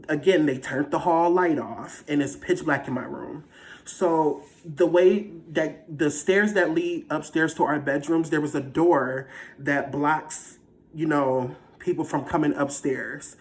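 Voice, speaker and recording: A vlogger casually telling a personal story in a dramatic, animated, slangy way. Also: mid-range voice. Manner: slangy, conversational.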